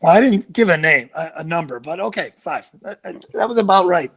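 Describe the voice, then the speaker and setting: Playful male podcast guest with a high, gravelly voice, bantering in casual chat. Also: expressive, fairly quick, a bit bright. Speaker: podcast guest, actor and father.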